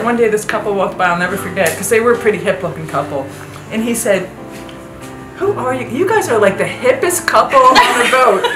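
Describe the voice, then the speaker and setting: A woman telling a story in a casual way. She laughs often and acts out the voices of other people. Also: mid-range voice. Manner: laughing, animated, acts out quotes. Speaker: interviewee sharing memories. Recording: roomy room with loud background noise.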